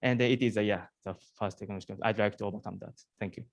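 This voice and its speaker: A startup founder answering jury questions in hesitant English, full of pauses and restarts. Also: male voice, fairly low pitch, fairly even intonation, no room sound. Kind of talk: halting non-native Q&A answers.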